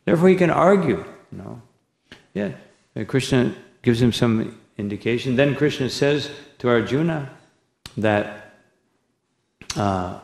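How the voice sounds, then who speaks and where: A man's voice: medium pitch, vocal fry. A man, a monk, giving a scripture lecture, talking in a rambling way with frequent "no?" and "you know" tags and reciting Sanskrit verses. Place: temple hall. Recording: echoey hall recording.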